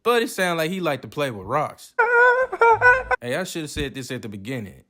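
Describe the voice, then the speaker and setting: A man's voice: mid-range voice, moderate pace, heavy background noise. A man giving casual, joking and profane commentary while reviewing movies. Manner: profane, joking, animated reactions.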